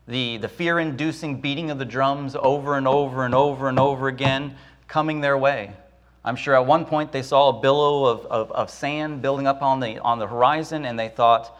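Preaching in a medium-pitched, fairly bright voice, this man is dramatic, his delivery rising and dropping. He voices the Israelites and Moses in quick asides.

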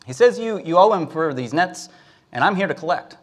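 A nervous little boy stumbles and stammers over his words, his voice pushed up high and bright in a told Bible story, as a preacher puts him on. He talks haltingly and lifts in pitch when he gets flustered. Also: expressive. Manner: stammering, hesitant.

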